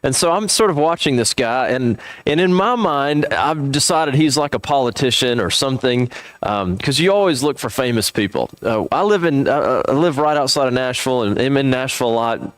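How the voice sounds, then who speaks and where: A man's voice: medium pitch, lively intonation, normal speed, no echo. A man, speaking at a church seminar and telling a humorous, self-deprecating story with lots of restarts.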